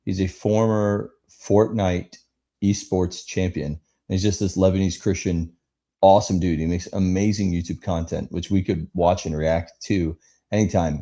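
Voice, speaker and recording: A man with a low, mellow voice co-hosts a live podcast in casual chat. He rambles through long stories, full of fillers and bursts of animation. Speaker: podcast co-host.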